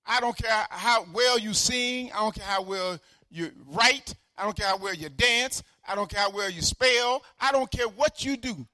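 Older male pastor, fiery repetitive sermon delivery, high bright voice. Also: moderate pace, dry recording, clean studio sound. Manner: fervent preaching, swings from shouting to quiet asides; repeats phrases for emphasis.

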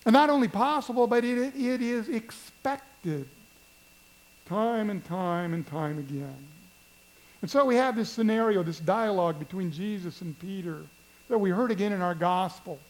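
A man's voice: sits high, normal speed, rough recording. A man preaching a sermon, telling a story in a conversational way and asking the congregation questions. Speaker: pastor.

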